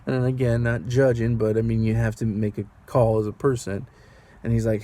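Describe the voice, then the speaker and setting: Male rideshare driver, vlog storyteller, mellow, rambly and nervous, rhetorical questions to camera. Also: medium pitch, little pitch movement, brisk. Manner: rambling, anxious, asks the viewer rhetorical questions.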